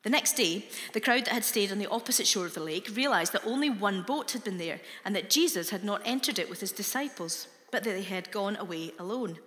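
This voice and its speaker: Bright-voiced woman reading scripture in a hall. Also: mid-range voice, animated. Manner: slow, deliberate reading. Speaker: scripture reader. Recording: reverberant hall.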